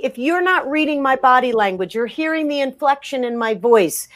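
A woman talking in a podcast interview, emphatic and energetic, often restarting her sentences. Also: high-pitched. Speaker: guest.

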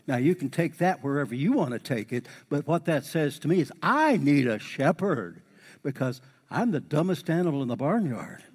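A middle-aged man preaching a sermon in a folksy way, repeating key lines for emphasis and building into lively exhortation. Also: fairly high pitch, moderate pace, breathy edge. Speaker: pastor. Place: church sanctuary. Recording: long hall reverb.

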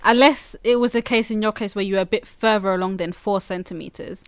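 Matter-of-fact midwife, dry sound. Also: female voice, medium pitch, fast, smooth, dry recording. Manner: matter-of-fact, explaining from experience. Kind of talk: casual chat.

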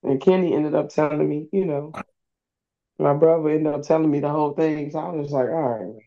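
A woman's voice: sits low, warm tone, lo-fi sound. Easygoing slangy young woman guest. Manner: easygoing, slangy, quick to laugh. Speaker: podcast guest. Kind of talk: casual chat.

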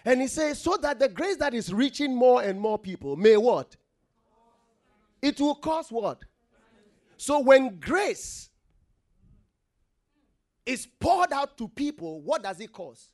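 A man's voice: very high voice, sing-song, slow pace, long pauses, a little mellow. A man preaching a sermon, emphatic and full of questions to the congregation, getting them to repeat words after him.

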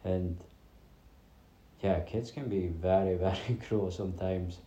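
Deep mellow guy from ne scotland, drops his t's, rambling podcast chat, echoey room. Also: slow. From north-east Scotland. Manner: rambling, chatty storytelling with many fillers. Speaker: podcast host. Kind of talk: casual solo podcast chat.

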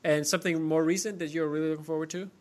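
A man's voice: fairly high pitch, steady tone, very fast. A man with a German accent, hosting a casual chat, friendly, asking questions and often restarting his sentences. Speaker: podcast host.

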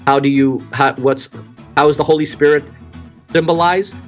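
A man co-hosting a casual religious podcast, telling stories with lively acted-out reactions and explaining scripture. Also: a little high, normal speed, faint music behind. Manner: animated storyteller, acts out his own surprise. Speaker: podcast co-host.

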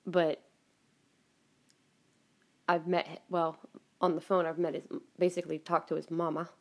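A woman's voice: on the low side, little pitch movement, a little slow. A woman hosting her own podcast, chatting casually at home, rambling with frequent laughs and some swearing. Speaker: podcast host. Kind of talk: casual personal monologue. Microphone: home recording.

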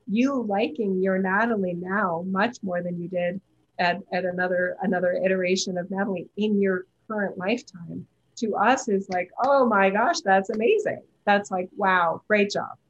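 A woman's voice: medium pitch, slightly rough. A woman hosting a live call, speaking emphatically as a channeler who repeats her words. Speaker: host and channeler. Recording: dull lo-fi audio.

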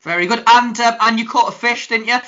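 Bright, high-voiced podcast host. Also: male voice, fast talker, highs cut off. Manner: jokey, energetic, teasing. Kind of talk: casual podcast chat.

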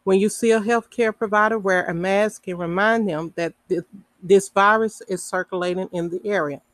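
A woman hosting a podcast, reading health information aloud slowly, with casual asides, fillers and the odd self-correction. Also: mid-range voice, steady tone, fairly bright tone, rough recording. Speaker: podcast host.

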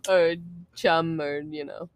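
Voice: mid-range voice, steady tone, slow pace. A podcast co-host in casual chat, teasing and laughing.

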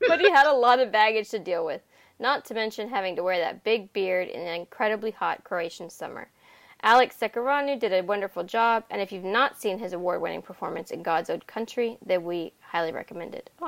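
A woman's voice: mid-range voice, expressive, fairly quick, vocal fry. A woman co-hosting a podcast in a casual, rambling and giggly way. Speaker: podcast co-host.

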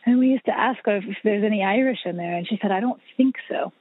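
Rapid-fire and medium-pitched, a woman on a podcast rattles through long stories about her family's music, chatty and full of fillers and restarts. It's a casual interview, with no echo, on a husky, dry, phone-like line.

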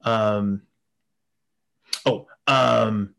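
A man's voice: lowish voice, fairly even intonation, drawn-out words, gravelly, a bit bright. A man in his thirties telling a rambling, crude story in casual chat, swearing often. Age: 30s. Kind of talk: casual anecdote.

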